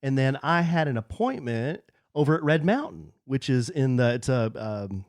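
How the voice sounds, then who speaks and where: A podcast co-host in a studio tells a story in a casual, animated way, acting out the voices of the people in it and laughing often. His voice is mid-range and moderately paced. The recording is dry and studio quality.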